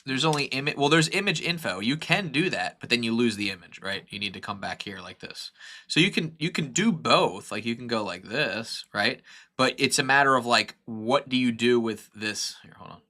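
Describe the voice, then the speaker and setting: A young streamer teaching 3D modeling thinks aloud through a live tutorial in a bright, forceful, mid-range voice at a normal speed. He rambles, keeps correcting himself, uses lots of fillers, and grows excited as he works.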